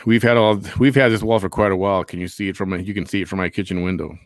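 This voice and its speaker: A man's voice: sits low, fairly even intonation, rapid-fire, dry recording, studio quality. A man hosting a casual chat show, rambling and repeating himself. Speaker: host.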